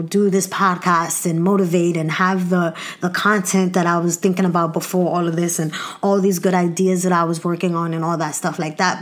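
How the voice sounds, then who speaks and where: Young new york woman podcasting alone, raw and emotional, voice on the edge of tears, lots of "like" and "you know". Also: fairly low pitch. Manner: candid, emotional, many fillers and restarts. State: close to tears. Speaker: podcast host. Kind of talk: personal monologue podcast.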